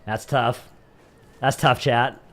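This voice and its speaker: A man's voice: mid-range voice, fairly even intonation, slow pace, a bit bright, faint music behind. Rambling Northern Californian male streamer. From San Francisco Bay Area. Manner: rambling, says "like" a lot. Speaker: livestreamer. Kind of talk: casual chat with viewers.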